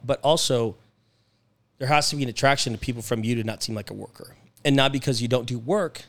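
A young man, a podcast guest, chatting casually and telling animated stories about his career, acting out phone calls and laughing often. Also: medium pitch. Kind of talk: casual storytelling chat. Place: podcast studio.

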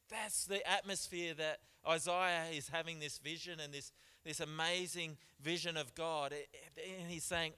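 A man delivering a church sermon, his voice a touch high and clean-toned. He hammers points with repetition and moves between hushed remarks and loud emphatic scripture readings. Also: fairly even intonation, normal speed, few pauses, smooth. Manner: preaching with emphatic repeats, shifting loud and soft. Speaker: pastor.

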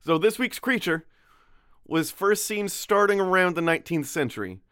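With a high, expressive voice that is pushed, bright, and smooth, a young man co-hosts a laid-back podcast at a moderate pace. Groggy from just waking, he rambles, cuts himself off, and laughs easily, in clean studio sound with no room echo.

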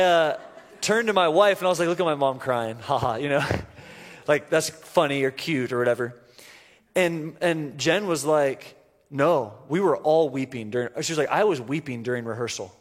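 A man preaching a sermon, telling a personal story earnestly with halting restarts. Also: on the high side. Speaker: pastor. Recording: reverberant church hall.

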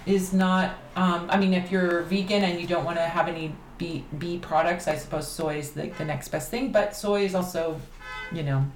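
A woman's voice: lowish voice, normal speed. Chatty woman in a roomy space. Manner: chatty, animated, laughs easily. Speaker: podcast guest, candle magic practitioner. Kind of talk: casual podcast chat. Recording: roomy echo, faint background noise.

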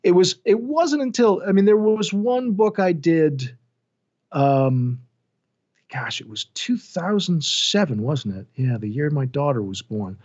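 Middle-aged male narrator, animated and self-deprecating, slightly high voice, muffled lo-fi audio. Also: a little slow. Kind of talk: casual interview chat. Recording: dull lo-fi sound.

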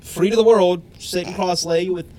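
A man's voice: sits high, steady tone, normal speed, a crowd in the background. A man with a slightly raised voice co-hosts a laid-back podcast. He riffs with dry humor and casual swearing, bantering with his partner. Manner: dry, joking, swears freely. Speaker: podcast co-host.

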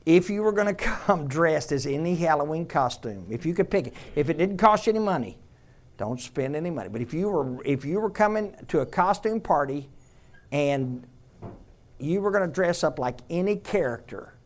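A man preaching a sermon in a conversational way, quizzing the congregation and dropping to a hush on tender points. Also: on the high side, expressive, normal speed. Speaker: pastor.

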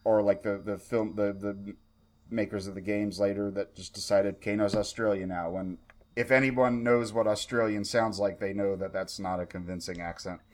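A man's voice: lowish voice, fairly even intonation, moderate pace. A man co-hosting a casual chat, talking in a rambling way with lots of fillers and the odd curse. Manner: rambling, profane, with many fillers. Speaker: podcast co-host.

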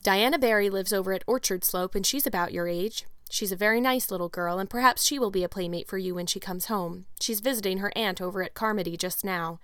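A woman's voice: medium pitch, brisk, few pauses, a bit bright, smooth, no echo, clean studio sound, lightly acted. A woman reading a stern, curt spinster. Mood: matter-of-fact. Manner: curt, scolding, matter-of-fact. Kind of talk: audiobook character reading.

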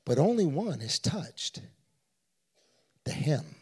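A preacher softly voicing a calm, gentle Jesus. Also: male voice, fairly high pitch, husky, voice pushed down, full character voice. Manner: soft, hushed, slow. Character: Jesus, calm gentle man speaking to a crowd. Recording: long reverb of a large church.

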